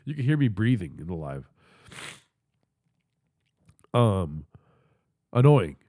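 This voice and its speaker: A podcast host with a low, mellow voice tells stories in a slow, very animated way during a livestream. He talks into a phone held in his hand, rambling casually and swearing, his nose audibly stuffy.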